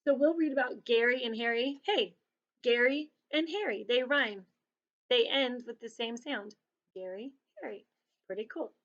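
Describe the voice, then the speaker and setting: A woman casually telling a personal story to children before reading a picture book, chatty and animated, slipping into little voices for quotes. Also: a little high, moderate pace. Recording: dull lo-fi sound.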